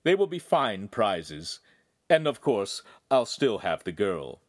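A man's voice: lowish voice, big pitch swings, slow pace, no room sound, studio quality, heavily acted. A man voicing an arrogant young swordsman villain, mocking and cruel in an audiobook. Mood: sneering. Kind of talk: audiobook narration.

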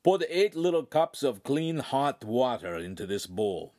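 A man's voice: mid-range voice, big pitch swings, measured pace, a little mellow. A man voicing a cheerful, bossy master craftsman with an Italian accent and broken English.

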